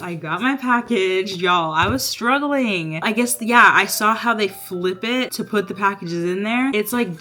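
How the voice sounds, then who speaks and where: A woman crochet artist chatting casually to her camera in a vlog, bubbly and quick to laugh. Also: medium pitch, a bit bright, low-quality recording. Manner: chatty and bubbly, laughs often, says "y'all".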